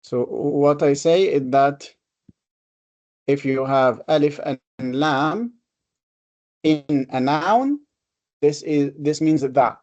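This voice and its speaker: A man's voice: fairly high pitch, takes it slowly, pauses often, a little mellow, muffled recording. A man teaching a classroom lesson on Quranic reading. He talks patiently, explains step by step and repeats his examples. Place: classroom with a board.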